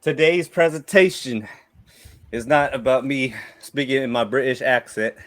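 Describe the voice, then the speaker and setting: An American man on a casual group call, pitching a story in a rambling, profane way with many restarts. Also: normal speed, a bit bright. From United States. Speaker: podcast panelist presenting a topic.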